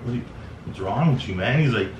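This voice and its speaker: A man's voice: mid-range voice, lively intonation, fast talker, muffled recording. A young man from Canada telling casual, rambling stories, full of swearing, laughter and fillers like "like" and "man". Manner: laid-back, swearing, lots of "like" and "man", laughs often. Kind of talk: casual storytelling chat. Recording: echoey room, mic at a distance, noisy.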